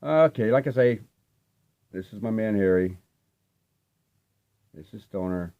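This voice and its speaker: A man's voice: fairly low pitch, animated, a little slow, narrow, tinny audio. An older man casually showing off his record finds, talking in a loose, rambling, laid-back way with lots of fillers. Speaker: vinyl collecting vlogger. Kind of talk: casual rambling show-and-tell.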